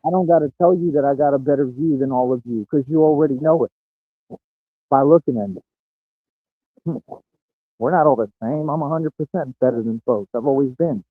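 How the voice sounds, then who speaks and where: A man's voice: mid-range voice, brisk, pauses often, no echo. Brash guy bragging on a livestream, laughs at himself, sounds like it's through a phone. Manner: brash, bragging, laughs at his own lines. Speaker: streamer. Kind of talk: boastful livestream monologue. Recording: tinny phone-like audio, dry.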